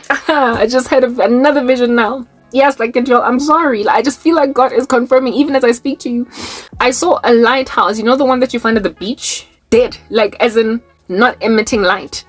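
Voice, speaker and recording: A young woman with a South African accent delivers a loose, prophetic sermon straight to camera. She laughs often and doubles back on words to drive them home. Faint music plays underneath. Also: a little high. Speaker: online preacher.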